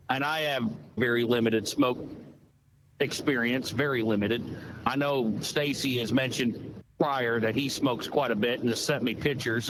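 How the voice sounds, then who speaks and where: Folksy man on a noisy podcast. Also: medium pitch. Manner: folksy, animated storyteller, swears casually. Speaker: podcast host. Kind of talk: casual chat. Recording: noticeable background noise.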